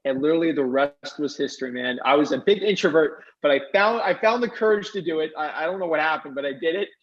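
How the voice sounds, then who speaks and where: A young man telling a fast, excited story as a guest, acting out the other people's voices as he quotes them. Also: a little high. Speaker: guest investor. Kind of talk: animated storytelling. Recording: dull lo-fi sound.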